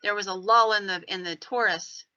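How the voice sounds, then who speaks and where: A woman hosting a podcast, telling a ghost story in an animated, digressive way. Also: medium pitch, moderate pace, no echo, lo-fi sound. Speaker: podcast host.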